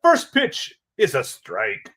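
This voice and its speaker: A man putting on the voice of an old-time 1940s radio baseball announcer, with a slow, drawn-out, theatrical delivery. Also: extremely high pitch, very animated, voice pushed up, full character voice. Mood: announcing.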